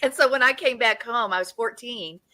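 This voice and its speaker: Brief: woman around sixty, bright and a touch high, animated co-host telling stories. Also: normal speed, slight background noise, rough recording. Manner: animated storytelling with frequent restarts. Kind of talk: casual chat.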